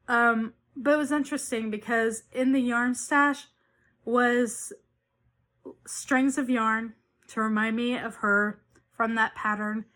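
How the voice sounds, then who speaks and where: A woman's voice: fairly high pitch, steady tone, slow, a bit bright. A woman hosting a knitting podcast, chatting casually and rambling with frequent restarts and self-corrections. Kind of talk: casual chat.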